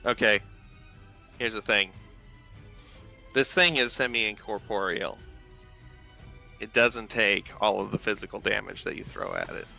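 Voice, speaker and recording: A man runs a tabletop game, describing the action in a loose, rambling flow packed with fillers. His voice is strikingly bright and forceful, with faint music playing underneath. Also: lowish voice, unhurried, creaky, long pauses. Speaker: game master.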